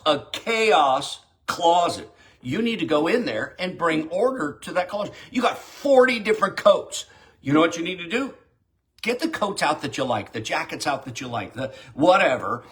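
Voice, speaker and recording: A man's voice: a little high, a bit bright. A middle-aged man preaching a short daily devotional in a folksy, direct, exhorting way.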